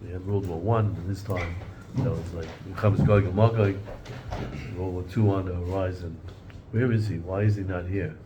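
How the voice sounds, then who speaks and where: A man's voice: low voice, steady tone, normal speed, dull audio, background noise. A man teaching an informal Torah class in a conversational way, often repeating and restarting words and mixing in Hebrew and Yiddish terms.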